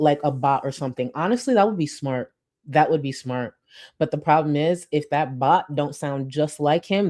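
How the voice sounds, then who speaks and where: A woman's voice: low voice, mellow. A woman streamer giving blunt, emphatic commentary, swearing freely and reading chat comments aloud.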